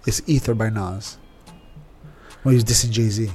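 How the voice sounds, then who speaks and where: A man's voice: fairly low pitch, fairly even intonation, moderate pace, dark tone, slightly rough, soft background music. A man in casual podcast chat, rambling with many restarts and fillers, calling people "bro". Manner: calls listener "bro".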